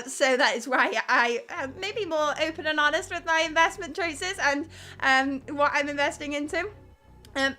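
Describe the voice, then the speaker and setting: A woman's voice: high voice, pushed and bright. A young woman hosting a live crypto news stream, explaining markets and reading chat in a candid, conversational way. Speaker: crypto news show host.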